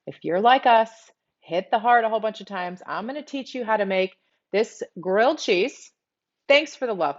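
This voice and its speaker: A woman's voice: mid-range voice, dull audio. A middle-aged woman from South Texas with a Texas accent, hosting a live cooking demo from her home kitchen and chatting straight to her viewers. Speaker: cooking show host.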